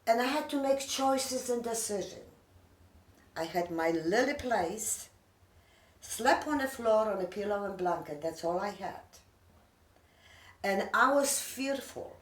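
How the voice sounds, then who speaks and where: A woman's voice: medium pitch, animated, a little slow, long pauses. Earnest older immigrant woman, echoey. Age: 60s. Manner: earnest, broken English, heartfelt. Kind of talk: emotional personal talk. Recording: echoey room, mic far off.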